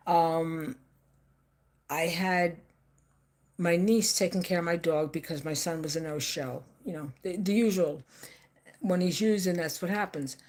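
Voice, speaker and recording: An older woman rambles through a live-stream monologue. She talks emphatically and circles back to repeat herself. Her voice sits on the low side for a woman.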